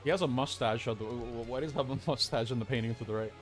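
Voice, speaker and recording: A man's voice: mid-range voice, very fast, soft background music. Casual man streaming a game. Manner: casual, reads game text aloud. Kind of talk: live gameplay commentary.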